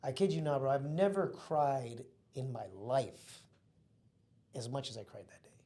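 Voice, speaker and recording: A man's voice: medium pitch, expressive, a little slow, dark tone. A man in his thirties, a podcast guest, telling a heartfelt personal story in an earnest, casual way. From Mexico. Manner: earnest, heartfelt, calls listener bro and man.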